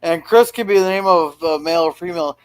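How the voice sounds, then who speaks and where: A man's voice: fairly high pitch, fast, clean tone. A man co-hosting a casual show, chatting and reading out viewer comments. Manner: laid-back, reads viewer comments aloud. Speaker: co-host reading chat. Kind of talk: casual chat.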